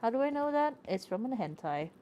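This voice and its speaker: A woman's voice: a little high, brisk, lo-fi sound, a little hiss or hum. A woman streamer chatting casually and joking while she plays a story game. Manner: joking, animated asides with laughter. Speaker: streamer playing a narrative game. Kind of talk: casual gameplay commentary.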